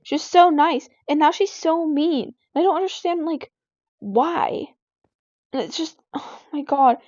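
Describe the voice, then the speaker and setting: A high-pitched teenage girl rambles through an exasperated vent session while she plays a game. Her words come packed with "like" fillers. The sound is dry and a bit dull, as if recorded on a lo-fi home mic. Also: unhurried, a little mellow, no room sound. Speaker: gaming vlogger. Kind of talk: casual venting while playing a game.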